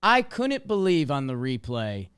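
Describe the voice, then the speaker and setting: A man's voice: a little high, huge pitch swings, a little slow, a bit bright, smooth. A man co-hosting a sports podcast, easygoing and ribbing his partner playfully. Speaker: podcast co-host. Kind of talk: casual sports podcast banter.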